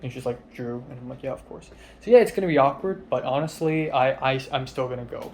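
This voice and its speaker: A young man tells a personal story fast, rambling casually and using lots of fillers. He often trails off quietly, his voice flat and low-key, with a little hiss or hum present.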